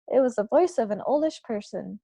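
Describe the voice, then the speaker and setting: A woman's voice: on the high side, animated, a little fast, mellow, no echo. Woman reading a storybook aloud. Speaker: book club reader. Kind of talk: reading a children's novel aloud.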